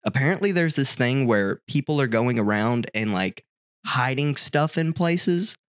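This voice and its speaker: A man's voice: mid-range voice, lively intonation, measured pace. A young man and stand-up comedian, a podcast guest, chatting loosely and jokingly with plenty of slang. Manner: loose and jokey, with slangy dude-talk. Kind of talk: casual chat.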